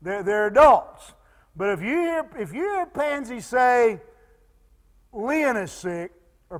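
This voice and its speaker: Man preaching, high voice, unhurried, stammering repeats, fillers, long church echo. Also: big pitch swings. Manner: halting, repeats words and many fillers; drops to soft pleading tones when quoting. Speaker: pastor. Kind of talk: sermon. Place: church sanctuary.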